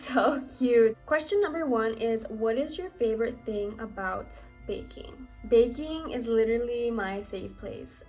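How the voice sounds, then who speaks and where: Bubbly twenty-something woman, fairly high voice, chatty vlogger tone, light music behind. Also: darkish tone. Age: 20s. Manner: bubbly, talks fast and gushes. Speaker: vlogger and home baker. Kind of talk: casual chat to camera.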